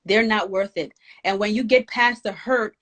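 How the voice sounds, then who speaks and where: A woman's voice: mid-range voice, normal speed, fairly bright tone. Emphatic woman, rousing encouragement. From Jamaica. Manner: emphatic, encouraging, preacher-like exhortation. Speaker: guest, author. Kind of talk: inspirational conversation.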